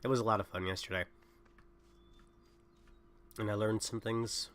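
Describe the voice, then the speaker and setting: A sick young man livestreams a game, coughing as he chats casually and rambles, often interrupting himself. His voice is fairly low, clean, and fairly bright, with fairly even intonation and a moderate pace.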